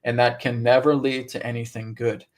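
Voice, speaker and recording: A man's voice: medium pitch, little pitch movement, normal speed, lightly acted. A man voicing a stern, ancient inner-earth woman who gives emphatic, repeated short commands in a channeled live stream.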